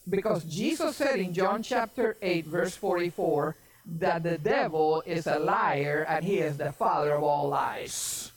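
A woman's voice: fairly low pitch, a little slow. A woman pastor preaching a sermon, emphatic and often raising her voice for stress, with casual folksy asides.

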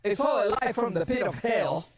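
A woman's voice: mid-range voice, animated, normal speed. A woman pastor preaching a sermon, emphatic and often raising her voice for stress, with casual folksy asides.

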